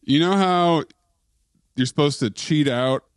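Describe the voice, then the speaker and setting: A man's voice: a little high, measured pace, clear, resonant tone, no room sound, studio quality. A man co-hosting a podcast, riffing and joking in casual comedic chat. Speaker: podcast co-host.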